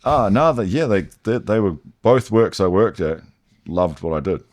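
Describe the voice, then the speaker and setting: Kiwi male guest, low voice, relaxed storyteller, voices others in quotes. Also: moderate pace. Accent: New Zealand. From New Zealand. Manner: animated, lifts his voice for quoted dialogue. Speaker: guest, BMX rider. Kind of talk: casual storytelling chat.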